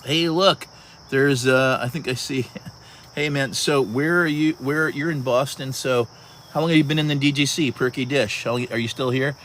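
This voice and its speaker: A man in his early sixties chats with viewers on a casual livestream outdoors at sunset; he's talkative, greets people by handle, and restarts frequently. His medium-pitched, fairly bright voice holds a steady tone at normal speed. Slight background noise can be heard.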